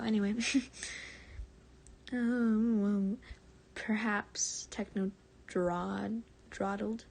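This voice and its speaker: A woman streamer reading fan fiction aloud on a live stream, often soft and breathy, stumbling and correcting herself and chatting with viewers in between. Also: mid-range voice, slight background noise.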